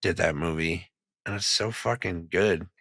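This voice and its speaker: Deep, bright-toned casual male podcaster. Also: moderate pace, husky, no room sound, studio quality. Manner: casual, swears freely, laughs often. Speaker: podcast co-host. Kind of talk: casual chat.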